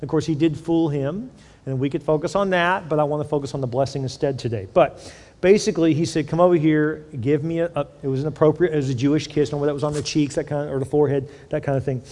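A middle-aged man preaching a sermon as a pastor, conversational and animated, often repeating words as he tells stories. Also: on the high side, quick pace. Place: large church hall. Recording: long hall reverb.

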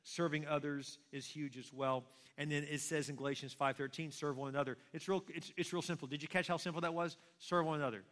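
A man's voice: fairly high pitch, steady tone, fast, few pauses, a bit bright. A man preaching a sermon as pastor, conversational and full of rhetorical questions. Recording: long reverb of a large hall.

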